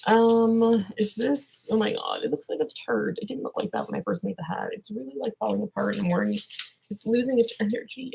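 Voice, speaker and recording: A woman's voice: on the high side, moderate pace, vocal fry, darkish tone, husky, low-quality recording. A young woman vlogger answering viewer questions in a rambling, drowsy way that trails off into mumbles. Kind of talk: casual livestream Q&A chat.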